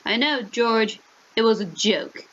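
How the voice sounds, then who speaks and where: A woman's voice: on the high side, slow pace, fairly bright tone, highs cut off. A woman voicing a cold young man returning to his family home who speaks curtly and formally. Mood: dry.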